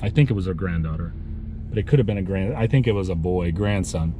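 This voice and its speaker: A man telling a sad story from his work in a vlog while driving, speaking haltingly with many restarts. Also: low voice, warm tone, slight background noise. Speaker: lawn care business owner vlogging.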